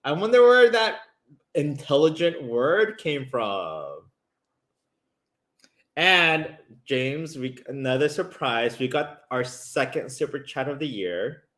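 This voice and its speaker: Man co-hosting a home cooking stream, casual and chatty, very lively pitch. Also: slow pace. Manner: chatty, reads viewer comments aloud, trails off with fillers. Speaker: live stream co-host. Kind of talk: casual live stream chat. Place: home kitchen while cooking.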